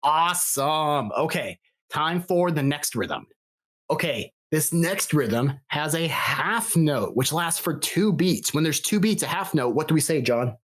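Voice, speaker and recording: A man's voice: on the high side, animated, unhurried, fairly bright tone. A man teaching a recorded music lesson for children, encouraging and counting rhythms aloud with a metronome. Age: adult, father of a young child.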